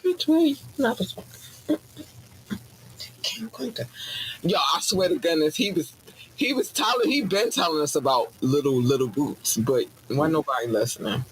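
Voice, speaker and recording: A man talks in a slightly high voice, loose and profane, preaching like a mock sermon. Quiet noise hums behind him. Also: moderate pace, poor audio. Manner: profane, animated, preachy asides. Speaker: podcast host. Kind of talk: casual rant with mock sermon.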